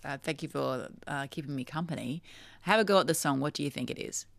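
Chatty South Australian woman hosting talk radio, gravelly, reads listener texts. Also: sits low, quick pace, no room sound. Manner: chatty, reads messages aloud with hesitations. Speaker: radio host. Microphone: studio microphone.

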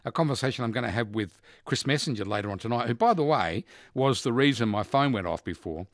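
Brief: chatty male radio host, very lively pitch, dry close studio sound. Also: fast, no room sound. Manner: animated, chatty, laughs often. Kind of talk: casual radio quiz chat.

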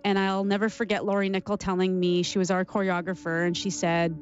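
A woman from Canada in her forties, a former figure skater giving an interview and telling her story in an animated, emotional way. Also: mid-range voice, brisk, muffled recording, faint music behind. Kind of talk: interview recollection.

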